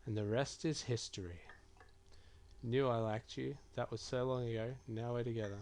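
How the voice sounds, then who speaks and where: A man streaming a game, reading typed chat messages and reply choices aloud in a low-key, musing way. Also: steady tone, normal speed, a little mellow, a little hiss or hum. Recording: clear keyboard typing behind voice.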